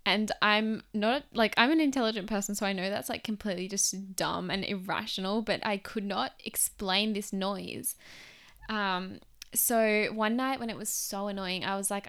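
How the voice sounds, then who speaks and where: Young woman podcast host, casual storytelling, chatty and expressive, lots of "like". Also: medium pitch, normal speed, smooth. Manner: chatty and expressive, heavy use of "like".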